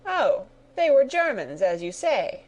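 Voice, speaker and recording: A woman's voice: medium pitch, animated, unhurried, a little mellow, muffled recording. A woman voicing a blustering, condescending British colonel in a read-aloud story. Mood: indignant. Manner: indignant, condescending.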